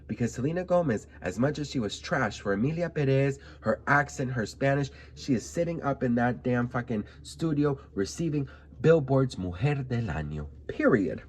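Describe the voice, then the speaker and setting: A man giving sassy, animated commentary to camera, often calling the viewer girl. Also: mid-range voice, moderate pace, a little hiss or hum. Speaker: vlogger.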